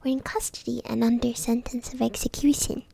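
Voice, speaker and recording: A woman streamer softly whispering a bedtime story as a whispered role-play into a close mic. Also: on the high side, level tone, brisk, vocal fry, breathy edge. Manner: soft unvoiced whispering.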